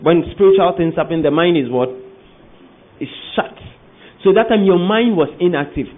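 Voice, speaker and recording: High-voiced preacher, tinny sound. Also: male voice. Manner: emphatic preaching with repeated questions to the congregation. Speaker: pastor. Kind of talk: sermon. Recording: tinny phone-like audio.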